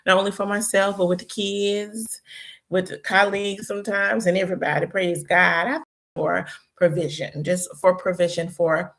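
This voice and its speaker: Gravelly-voiced woman hosting a chat. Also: on the low side, little pitch movement, moderate pace, a bit bright. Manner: chatty, prayerful, talks to viewers as y'all. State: voice sounds tired. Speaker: host. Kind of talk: casual live-stream chat.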